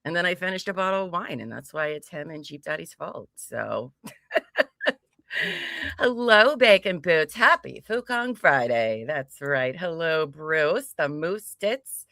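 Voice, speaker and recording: A woman's voice: low-pitched, big pitch swings, measured pace, vocal fry, pushed and bright, no room sound, studio quality. A woman co-hosting a casual livestream, greeting viewers by name with frequent giggles. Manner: bubbly, giggly, reads chat names aloud. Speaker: livestream co-host.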